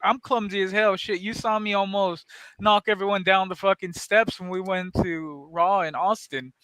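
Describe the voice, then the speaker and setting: A man's voice: high voice, steady tone, normal speed, bright, forceful tone, smooth, no room sound. A man hosting a casual podcast, telling loose, profane stories and laughing often. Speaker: podcast host. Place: San Antonio area.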